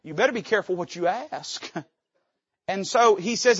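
A man's voice: sits high, sing-song, moderate pace, fairly bright tone, slightly rough, no echo, dull audio. A man preaching a fervent, folksy sermon from a church pulpit, his volume swelling and dropping suddenly. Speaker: pastor.

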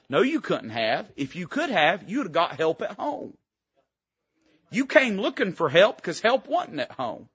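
A man's voice: sits high, huge pitch swings, measured pace, a bit bright, slightly rough, no room sound, dull audio. A man preaching a sermon as pastor, folksy and emphatic, throwing out rhetorical questions to the congregation. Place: church sanctuary.

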